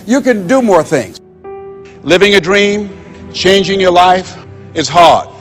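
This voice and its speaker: A man's voice: sits high, expressive, slow, fairly bright tone, faint music behind. A man giving a motivational speech, telling stories and acting out dialogue with emphatic, preacher-like repetition. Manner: storytelling, acting out quoted dialogue. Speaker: motivational speaker.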